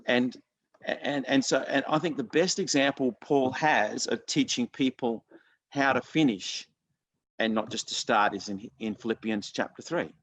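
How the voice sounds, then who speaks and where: A pastor preaches a sermon in an earnest, conversational manner, frequently restarting his sentences. His mid-range voice is unhurried with a fairly bright tone.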